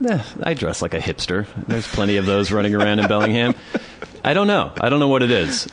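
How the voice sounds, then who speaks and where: A man's voice: on the low side, big pitch swings. A young man co-hosting a podcast, casually telling a comic story and acting out bits of it. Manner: storytelling, acting out others in quick asides. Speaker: podcast co-host. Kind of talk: casual comedic chat.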